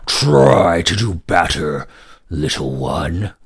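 A man voicing a dim, nearsighted male dragon who talks in a slow, drawn-out way. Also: rumbling low, expressive, breathy edge, voice pushed down, heavily acted. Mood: taunting.

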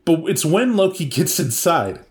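A man's voice: fairly high pitch, sing-song, moderate pace. A man hosting a podcast, casually and animatedly retelling a tabletop game session he ran, with many asides. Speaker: podcast host and game master. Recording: echoey room.

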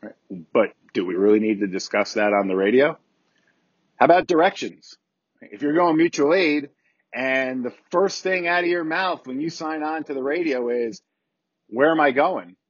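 A man's voice: medium pitch, slightly rough, dry recording, lo-fi sound. A man, a volunteer fire chief hosting a podcast, giving casual instructional talk in a plainspoken way, repeating key points and asking rhetorical questions.

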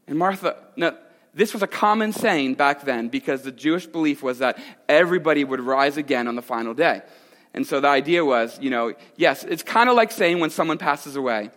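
Male pastor, high voice, conversational sermon with dramatic loud-soft swings, echoey church hall. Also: animated, brisk.

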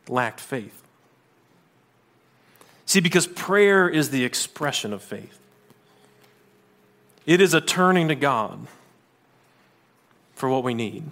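A man preaching a sermon in a conversational manner, with asides and quick restarts. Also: on the high side, fairly bright tone. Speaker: pastor.

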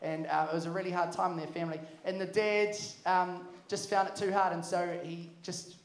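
A young man preaching to a youth camp, energetic and jokey. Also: high-pitched, a little fast. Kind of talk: sermon. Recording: echoey hall.

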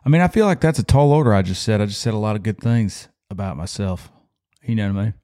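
A man's voice: on the low side, quick pace, dark tone, no echo, clean studio sound. A man hosting his own podcast, rambling in a casual, folksy way and often checking in with the listener. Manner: rambling, folksy, keeps saying "you know what I mean". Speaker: podcast host. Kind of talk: casual solo podcast monologue.

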